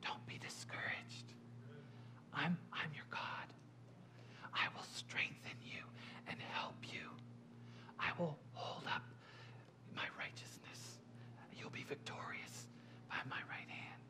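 A male pastor voicing God in a breathy whispered role-play, gentle and reassuring. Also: fairly high pitch, fairly even intonation, slow, pauses often.

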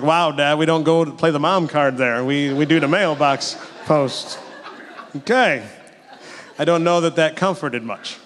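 A middle-aged man preaching a sermon in a conversational, storytelling way, full of asides. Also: a little high. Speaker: pastor. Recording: long hall reverb.

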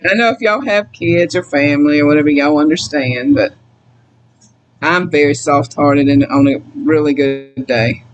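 A woman's voice: deep voice, normal speed, dull audio. Chatty Southern woman, emotional. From Mississippi. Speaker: co-host selling items. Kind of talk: casual live sale chat.

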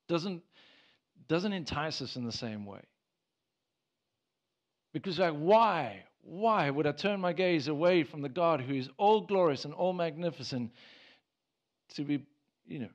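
In a dull-sounding recording of a church service, an earnest pastor with a medium-pitched voice preaches a sermon. He restarts often and rises into emphatic bursts.

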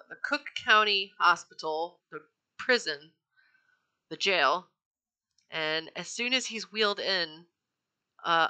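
A woman's voice: fairly low pitch, bright, forceful tone. A woman hosting a true-crime podcast, telling the story in a chatty, profane way with lots of fillers and self-corrections.

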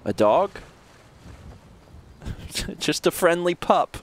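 A man streaming a game live, with excitable, rambling commentary and frequent yelps and laughs. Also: high voice, normal speed.

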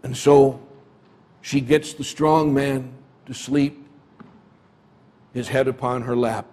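A man's voice: medium pitch, fairly even intonation, takes it slowly, a little mellow. A man preaching a sermon in a church, retelling a story dramatically. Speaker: pastor.

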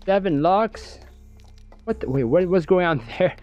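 Excitable jokey male gamer narrating play, very lively pitch. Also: measured pace, dull audio, soft background music. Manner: excitable, jokey, talks to himself. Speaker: game streamer. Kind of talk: let's play commentary.

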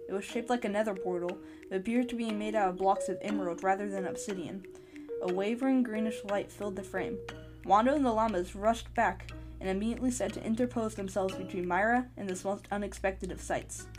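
Casting: podcast storyteller, eager and friendly, mid-pitched, music bed behind. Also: female voice, brisk. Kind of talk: storybook narration.

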